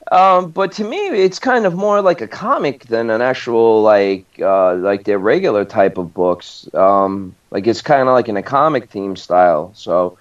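A man's voice: lowish voice, lively intonation, a little slow, hardly any pauses. Rambling man on a lo-fi mic. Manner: rambling, many fillers and restarts. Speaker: podcast co-host. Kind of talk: casual chat. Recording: distant, dull lo-fi mic.

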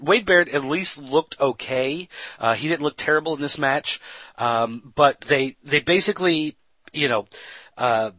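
Bright-voiced man recapping casually. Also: mid-range voice, no echo, rough recording. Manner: conversational, many fillers and restarts. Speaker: podcast host. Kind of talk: casual wrestling show recap.

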